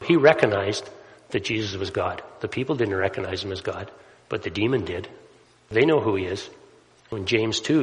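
A man's voice: on the low side, animated, moderate pace. A man preaching a sermon in a conversational way, often checking in with "right?" asides as he explains scripture. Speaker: pastor. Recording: long hall reverb.

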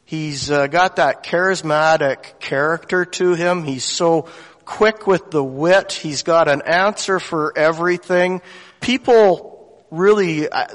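A man's voice: high voice, a bit bright. A man, a lay preacher telling a story in a sermon with folksy, conversational asides, in a church sanctuary. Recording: long church hall reverb.

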